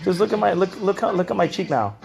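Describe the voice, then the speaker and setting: A man on a live stream, rambling and halting, in pain after oral surgery with a swollen cheek, talking from bed into a phone. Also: high-pitched, lively intonation, vocal fry, music in the background. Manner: rambling, halting, repeats words. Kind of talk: casual live-stream chat. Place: lying in bed at home. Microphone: phone camera.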